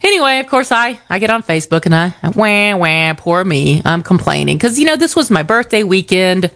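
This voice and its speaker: Animated woman telling a story. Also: mid-range voice, fast talker, dry recording, studio quality. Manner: animated storyteller, acts out quoted dialogue. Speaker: co-host. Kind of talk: casual chat.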